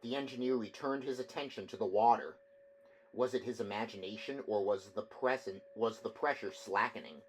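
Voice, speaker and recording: Man, audiobook narration, measured, steady, occasional restarts. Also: lowish voice, a little hiss or hum, low-quality recording. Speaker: audiobook reader.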